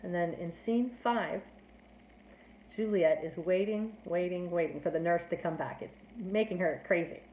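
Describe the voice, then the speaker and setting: A woman's voice: fairly low pitch, moderate pace, a little mellow, muffled recording, a little hiss or hum. A woman giving a casual, chatty plot summary as a teacher, filling her talk with "like" and "you know". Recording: roomy echo.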